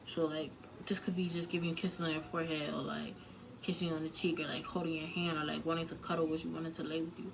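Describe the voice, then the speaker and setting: With a low, gravelly voice and flat delivery, a young woman talks fast as she gives blunt relationship advice to camera in a casual vlog, with noise in the background. Emotional and candid, she swears freely and relies heavily on filler words.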